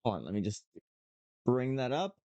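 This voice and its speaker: Playful male streamer, dark dry voice. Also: medium pitch, moderate pace, no echo, muffled recording. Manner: playful, animated reactions while reading. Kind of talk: reading a dating sim aloud on stream.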